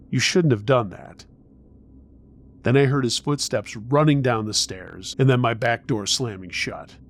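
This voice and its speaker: Man narrating a tense horror story. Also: mid-range voice.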